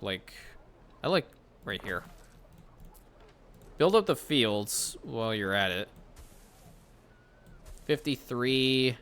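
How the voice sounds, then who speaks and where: A man's voice: mid-range voice, fairly bright tone, clear, resonant tone. A man hosting casual gameplay commentary, chatting and thinking aloud as he plays, often correcting himself mid-sentence. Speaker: gaming channel host.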